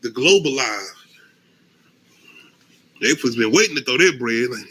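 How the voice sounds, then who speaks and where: Lively man with a bright voice. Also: mid-range voice, measured pace, long pauses, a little hiss or hum, low-quality recording. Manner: animated storytelling, acts out quotes, laughs often. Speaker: podcast co-host. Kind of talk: casual chat.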